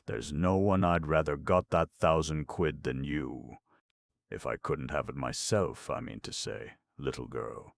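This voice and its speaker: A man voicing a dim but good-natured young gentleman in an audiobook, bumbling and plaintive, full of upper-class slang. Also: extremely low pitch, fairly even intonation, unhurried, creaky, no echo, clean studio sound, full character voice. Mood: sentimental.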